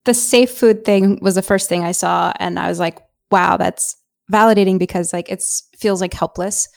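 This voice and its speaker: A woman's voice: on the low side, moderate pace, gravelly, a little mellow, no room sound, clean studio sound. A woman guest talking candidly in a casual conversation about parenting, with many fillers and laughs.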